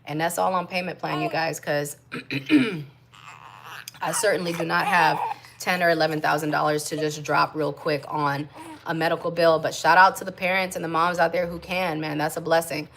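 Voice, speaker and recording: A young American woman and mom chatting casually on a livestream, reading viewer comments and giving shout-outs to other moms. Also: sits low, little pitch movement, moderate pace. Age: young adult. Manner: warm chatty shout-outs, coos baby talk to her infant.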